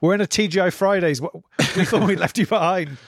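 A man from Wales co-hosting a comedy chat podcast, chiming in with quick jokes. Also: high voice, dry recording, clean studio sound. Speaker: podcast co-host.

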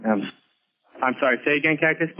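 A man working as an air traffic controller, giving rapid, businesslike radio instructions with fillers. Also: fairly high pitch. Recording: muffled radio transmission.

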